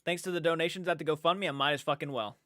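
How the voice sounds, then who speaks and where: A man's voice: on the high side, steady tone, fast talker, sharp tone, no room sound. Sleepy young man chatting on a livestream. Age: young adult. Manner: sleepy, yawning, rambling with restarts. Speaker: livestream host reading chat. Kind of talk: casual late-night livestream chat.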